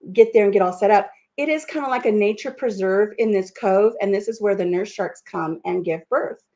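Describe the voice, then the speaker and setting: A woman vlogger telling a story in a casual chat, animated and self-mocking, laughing often and swearing freely. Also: mid-range voice.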